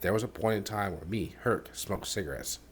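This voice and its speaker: Man, very low pitch, podcast host, candid halting storytelling, soft on painful moments, faint background noise. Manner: halting, many fillers and restarts; softens and drops low on painful parts.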